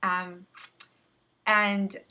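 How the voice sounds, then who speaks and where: A young woman with a bright, ringing voice recounts a hard time in her life. She talks in a casual, earnest way, often stopping and repeating words as she finds her thread. Her pitch sits in an ordinary middle range for a woman. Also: little pitch movement, clear, resonant tone. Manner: earnest, halting, with many restarts and repeated words. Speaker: vlogger sharing personal story. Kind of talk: personal testimony, casual storytelling.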